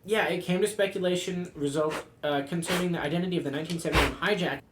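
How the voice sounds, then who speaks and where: Male co-host, a bit high-pitched, roomy echo, faint hiss behind, jokey fact reader. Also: fast. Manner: jokey, reads facts off a page with fillers. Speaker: podcast co-host. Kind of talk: casual podcast chat. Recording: echoey room with faint background noise.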